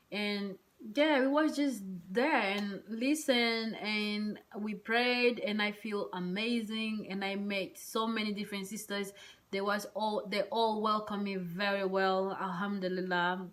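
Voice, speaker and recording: A woman vlogger telling a personal story in a casual, rambling way, full of hesitant fillers and soft whispered asides. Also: mid-range voice, steady tone, a little slow.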